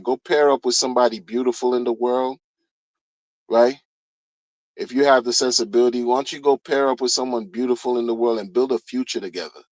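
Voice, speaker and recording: A man's voice: medium pitch, dry recording. A man ranting in a casual, blunt way, slangy and repetitive, as a crypto streamer. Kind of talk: casual rant.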